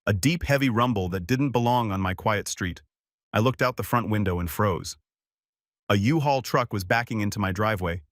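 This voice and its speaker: Low-voiced man narrating a story. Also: moderate pace, dry recording, clean studio sound. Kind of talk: scripted first-person story narration.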